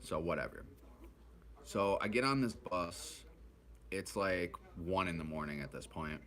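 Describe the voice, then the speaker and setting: A man's voice: sits low, animated, unhurried, fairly bright tone. Rambling, profane Midwestern man. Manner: rambling, profane, acts out voices of others. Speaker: vlogger recounting his addiction. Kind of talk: casual storytelling.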